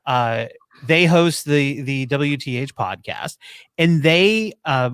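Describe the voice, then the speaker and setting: A man hosting a podcast in casual chat, animated and wry, swearing freely between asides. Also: fairly high pitch, no room sound, clean studio sound. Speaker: podcast host.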